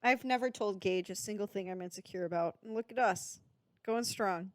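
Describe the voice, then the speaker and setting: On a podcast she co-hosts, a young woman talks casually about a movie with playful enthusiasm and lots of jokes. She speaks at a moderate pace in a medium pitch, and there's no echo.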